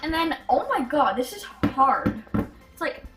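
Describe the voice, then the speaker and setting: A female vlogger, high-pitched and bubbly, talks through a casual show-and-tell of her toys. She is chatty and excitable, with quick giggles and gasps. Faint music plays softly behind her. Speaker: vlogger showing her toy collection.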